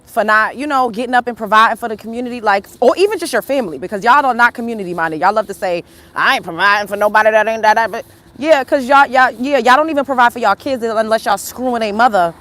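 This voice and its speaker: Emphatic confrontational woman, fairly high voice. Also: fast, a bit bright. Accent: African American Vernacular English. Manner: emphatic, confrontational, repetitive rhetorical questions. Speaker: livestream host. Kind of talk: opinionated livestream rant.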